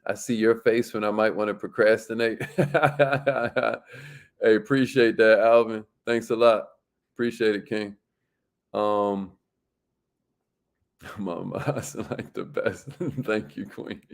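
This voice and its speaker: A man hosting a livestream in an upbeat, slangy, casual way, reading out viewer comments and laughing often. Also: on the low side. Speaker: livestream host.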